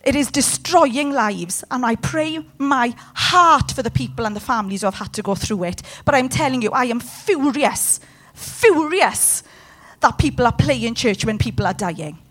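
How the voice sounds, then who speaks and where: A woman's voice: fairly high pitch, expressive, moderate pace, a bit bright. A woman preaching a sermon with passion, putting questions to her congregation. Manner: impassioned, talks to the room with questions.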